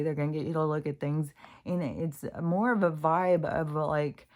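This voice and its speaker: A woman's voice: deep voice, darkish tone. A woman in a casual, rambling spiritual vlog, talking frankly to her viewers, swearing freely and ranting at times. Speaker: spiritual vlogger.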